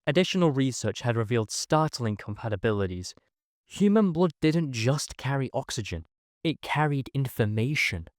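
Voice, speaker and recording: A man reading a first-person science fiction story in a measured, dramatic storytelling manner. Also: mid-range voice, lively intonation, dry recording, studio quality. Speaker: narrator. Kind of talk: scripted first-person sci-fi narration.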